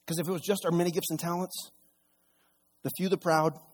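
A pastor preaching a sermon, retelling scripture stories in a casual, animated way with voices for the characters. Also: male voice, a little high, fairly quick.

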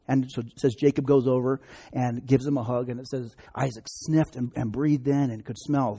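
A man's voice: medium pitch, fairly even intonation, fairly quick, mellow, breathy edge. A man preaching a sermon, retelling a scripture story conversationally with joking asides. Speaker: pastor.

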